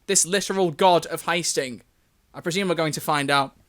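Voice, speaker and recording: A man's voice: fairly high pitch, normal speed, a bit bright. A man streaming live, reading fan fiction aloud with amused, self-mocking commentary. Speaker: livestreamer.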